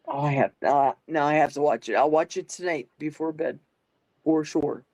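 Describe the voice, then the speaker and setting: A woman's voice: low-pitched, normal speed, darkish tone, no room sound, rough recording. An older woman hosting a casual live chat, thinking aloud and reading out viewer comments. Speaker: livestream host.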